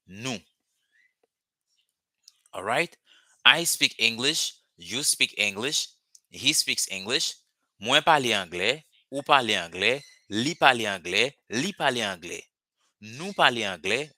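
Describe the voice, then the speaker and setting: A man's voice: mid-range voice, pushed and bright, no room sound. A man, a Creole speaker, teaching a live online language lesson over a video call and patiently repeating words for drilling. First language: Haitian Creole.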